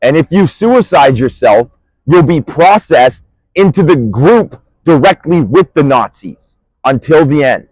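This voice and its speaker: A man delivering a furious, profane, threatening rant outdoors on a busy street, swinging between shouting and low muttering. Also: expressive, unhurried, dry recording, rough recording. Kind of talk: angry direct-to-camera rant.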